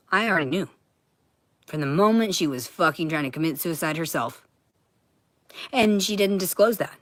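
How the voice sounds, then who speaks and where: A woman talking to camera in a heated, profane monologue that keeps bursting into shouting. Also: low voice, dry recording, studio quality.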